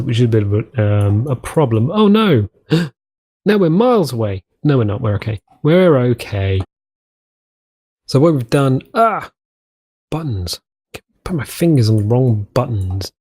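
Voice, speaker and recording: Male let's-play host, mid-pitched and mellow, loose rambling commentary with self-mocking asides. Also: husky. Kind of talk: casual gameplay commentary.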